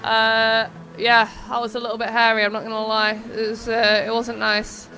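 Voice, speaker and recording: Girl doing chatty stream commentary on a racing game, bright higher voice, goes off on tangents. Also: completely flat delivery, moderate pace, slight background noise. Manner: chatty, rambling, reads chat aloud. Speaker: streamer and race host.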